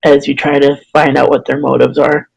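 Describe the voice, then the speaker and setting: A dungeon master narrating a casual tabletop game among friends. The voice is friendly and quick to giggle, moving between story narration and sorting out dice rolls. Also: mid-range voice, level tone, creaky, slightly rough, poor audio.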